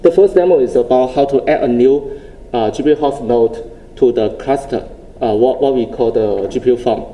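A man presenting at a tech conference, with a very dark, mellow voice at a middle pitch. His delivery is halting and full of restarts as he walks through the steps of a demo. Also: a little hiss or hum, poor audio. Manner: halting, with frequent restarts and plain phrasing; explaining step by step. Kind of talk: technical presentation with live demo.

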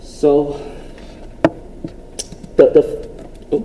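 A man giving a technical conference presentation with a live demo. He explains step by step in a halting way, often restarting his phrases. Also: medium pitch, warm tone, slight background noise, poor audio.

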